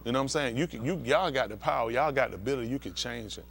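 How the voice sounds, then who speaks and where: A man's voice: medium pitch, racing, creaky. A male pastor preaching bluntly and profanely, heated and confrontational, acting out scenes with volunteers from the congregation.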